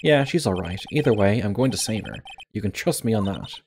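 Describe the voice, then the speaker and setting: A man's voice: on the low side, expressive, fairly quick, darkish tone, a little hiss or hum. A man reading an earnest young male defense lawyer's lines in a game, patient and plain.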